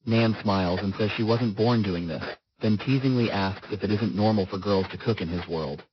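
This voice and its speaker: Male recap narrator with a lowish voice and steady delivery; muffled lo-fi sound with constant hiss. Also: moderate pace. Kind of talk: scripted story recap narration.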